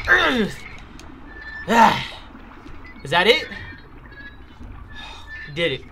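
A man playing a video game and commenting live, excitable and loud, trash-talking enemies and swearing when scared. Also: high-pitched, unhurried, long pauses, faint music behind. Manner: trash-talks enemies in a playful street tone. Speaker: gaming YouTuber. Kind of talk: let's play commentary.

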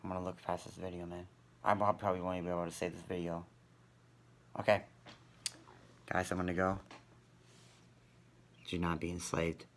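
A man's voice: low-pitched, flat delivery, moderate pace, pauses often, a bit bright, a little hiss or hum. A man vlogging in a rambling, profane monologue, ending nearly every sentence with "man". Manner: rambling, repeats "man" constantly; profane, conspiratorial.

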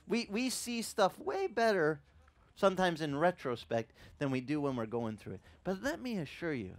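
A man's voice: a little high, no echo. A pastor with a Hawaiian accent preaching a sermon, acting out voices and joking with his congregation. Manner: animated, acts out voices and asides to the congregation.

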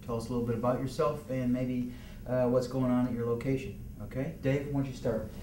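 A man's voice: mid-range voice, level tone, a little fast, noisy background. A man leading a business meeting, politely asking people to introduce themselves. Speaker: meeting leader. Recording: echoey room from far off.

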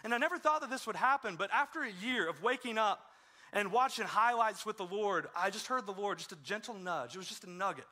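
Bright, high-voiced young-sounding male pastor. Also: expressive, fairly quick. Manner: casual storytelling with self-deprecating humor. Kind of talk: conversational sermon. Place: church sanctuary.

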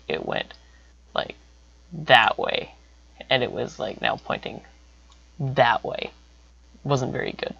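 A young man telling a casual story about himself in a rambling way, repeating words and breaking into sudden high exclamations. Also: gravelly, bright, forceful tone, dry recording. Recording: dull lo-fi recording.

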